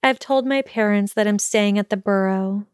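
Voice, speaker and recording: A woman voicing an earnest, weary young witch student in a storybook reading, speaking quickly and pleadingly. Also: medium pitch, clear, resonant tone, no room sound, clean studio sound, lightly acted.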